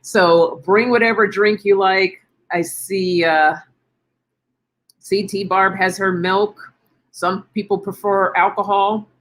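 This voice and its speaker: A woman's voice: mid-range voice, fairly even intonation, takes it slowly, fairly bright tone. A middle-aged woman hosting a casual wellness chat stream, chatty and encouraging, thinking aloud as she answers viewers. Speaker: live stream host.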